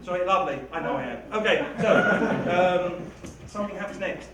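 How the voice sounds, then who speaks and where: An Englishman chats loosely with an audience, rambling and poking fun at himself. His voice sits a little high. It is caught from far off in a very echoey hall with steady background noise. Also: normal speed. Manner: rambling, self-deprecating, chatty with frequent laughs. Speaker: writer or reader speaking to a live audience. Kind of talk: casual talk-back with an audience.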